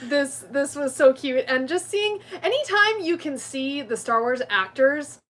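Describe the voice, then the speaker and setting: Woman, podcast co-host, high voice, bubbly, gushing, casual fan chat. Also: lively intonation, a bit bright. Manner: bubbly, gushing, quick to laugh.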